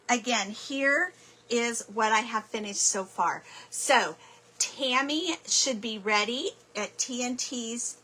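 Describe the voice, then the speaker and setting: A woman's voice: on the high side, bright, forceful tone, low-quality recording. A woman hosting a live craft stream, chatting casually and apologizing as she gets flustered. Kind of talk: casual craft livestream chat.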